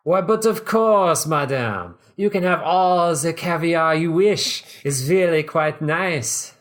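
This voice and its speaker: A man voicing a bumbling undercover cop who poses as a waiter with a ridiculous fake French accent, loud and drawn out. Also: high voice, huge pitch swings, extremely slow, gravelly, pitched above the performer's own voice, full character voice. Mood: hammy.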